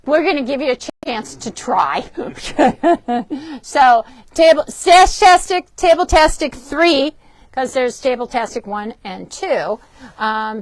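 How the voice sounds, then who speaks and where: A woman with a high, bright-pitched voice hosts a casual shop demo, chatty and upbeat, stumbling over words now and then. The sound is dry and close, with no room echo. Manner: chatty, upbeat, frequent ums and self-corrections. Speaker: shop host presenting fabrics and books. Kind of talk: casual product demo for a live stream. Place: indoors in a fabric shop.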